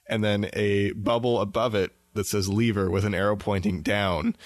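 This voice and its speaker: A man's voice: lowish voice, no room sound, clean studio sound. A man from Canada co-hosting a podcast in casual chat, talking in a hesitant, thoughtful way with many fillers. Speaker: podcast co-host.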